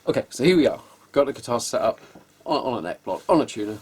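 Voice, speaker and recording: A man's voice: medium pitch, sing-song, fast talker, slight background noise. A man giving casual, wry workshop commentary as he sets up a guitar, hesitating often and sounding exasperated, recorded on a camera microphone in an indoor workshop. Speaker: guitar repairer.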